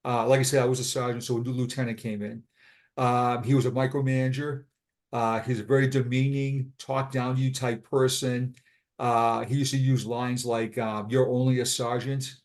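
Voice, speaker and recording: A man's voice: mid-range voice, little pitch movement, normal speed. A blunt man in his fifties with a Boston accent, telling his story as a retired police sergeant in a casual interview. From Boston, USA. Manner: blunt, frank.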